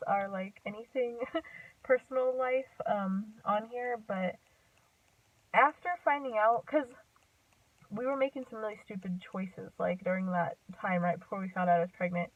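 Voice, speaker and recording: A woman's voice: medium pitch, steady tone, normal speed, dry recording. A young woman of about twenty tells a personal story to camera in a casual, rambling way, full of "like" and "um" and frequent self-corrections. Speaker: vlogger. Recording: tinny, phone-like sound from a distance off the mic.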